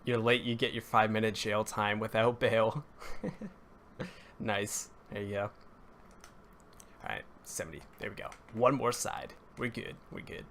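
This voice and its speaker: A man's voice: on the low side, a little slow, pauses often, a bit bright, a little hiss or hum. A young man live-streaming a building session, rambling and correcting himself as he greets viewers and talks to chat, his voice cracking now and then. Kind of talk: casual live-stream commentary while building.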